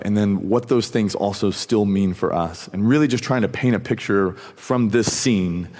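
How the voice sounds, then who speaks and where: Preaching man in a reverberant hall. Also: lowish voice. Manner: casual, animated storytelling with acted quotes. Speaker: pastor. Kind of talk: sermon. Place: church auditorium.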